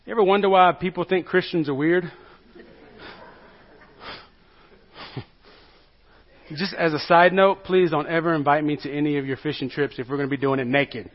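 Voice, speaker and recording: A man preaching a sermon, retelling a Bible story with jokes and acted-out quotes, his voice swinging between loud and soft. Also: fairly high pitch, fairly even intonation, a little slow, pauses often, dull audio. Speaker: pastor.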